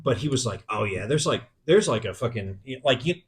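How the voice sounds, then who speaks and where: A young man tells a spooky story on a casual podcast. He curses freely, and his voice gets louder and more animated when he relives the scary parts. His voice sits at an ordinary pitch for a man. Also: a little fast. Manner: swears a lot, animated when retelling fright. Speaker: podcast co-host.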